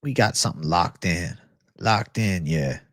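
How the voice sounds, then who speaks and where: A man's voice: deep voice, lively intonation, measured pace, dry recording, clean studio sound. A man hosting a live stream with betting picks, talking casually with lots of swearing and hype, reacting to the chat. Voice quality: profane, hyped, chatty, reacts aloud to live chat. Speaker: livestream host giving betting picks.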